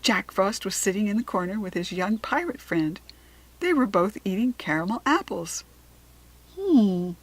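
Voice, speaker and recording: A woman reading a children's storybook aloud, slow, clear and expressive. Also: mid-range voice, rough recording. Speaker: storybook reader.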